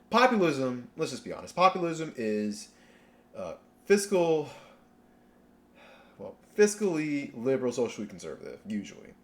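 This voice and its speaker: Man ranting casually, sarcastic, rambling, mid-pitched voice. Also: fairly bright tone. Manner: rambling, sarcastic, many restarts. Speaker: commentary channel host. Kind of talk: casual reaction rant.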